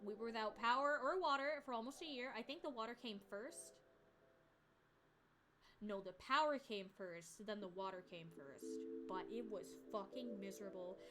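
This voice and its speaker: A woman's voice: a little high, normal speed, a bit bright, slight background noise. A young woman streamer telling stories in casual chat, swearing often, rambling and laughing as she goes.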